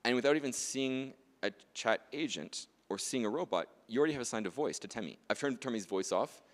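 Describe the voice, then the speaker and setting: A man's voice: medium pitch, lively intonation, fairly quick, in a large hall. A man presenting a demonstration workshop at a conference, chatty and jokey, often checking in with "right?" and "okay?". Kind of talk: lively conference demonstration talk.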